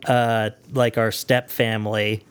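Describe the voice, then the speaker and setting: A man's voice: lowish voice, flat delivery, takes it slowly, clean tone. A man co-hosting a podcast in loose, rambling casual chat, full of fillers and frequent laughter. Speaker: podcast co-host.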